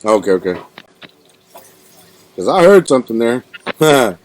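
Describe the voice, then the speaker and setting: A man's voice: mid-range voice, sing-song, unhurried, slight background noise. A man hosting a casual podcast interview, rambling and slangy, calling his guest bro and dude. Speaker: podcast host.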